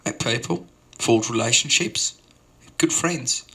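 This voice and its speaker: A man's voice: medium pitch, slow pace, pushed and bright, husky. A man telling a rambling, absurd open-mic story in mock-earnest tones, drifting from tangent to tangent. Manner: stumbling sign-off full of fillers. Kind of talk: improvised comic monologue.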